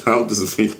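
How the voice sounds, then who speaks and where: A man with a fairly low, fairly bright voice hosts a casual livestream. He reads viewer comments aloud and riffs on them, leaning on repeated catchphrases.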